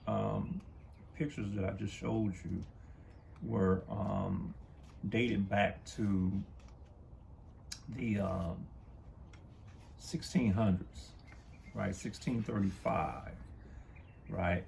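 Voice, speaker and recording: A man talks slowly and haltingly, filling his pauses with ums as he holds up old books and pictures. His voice is heavily gravelly and sits a little low. Clear background noise runs under the talk. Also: steady tone, a little mellow. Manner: slow, halting, many fillers. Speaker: co-host of a history talk channel. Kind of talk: casual talk, showing books to camera.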